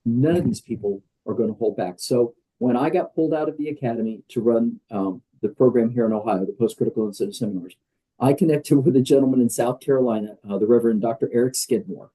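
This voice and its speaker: Older man with a dark, husky voice. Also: medium pitch, quick pace, rough recording. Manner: conversational, emphatic, many fillers. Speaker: guest, wellness program leader. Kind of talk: podcast interview.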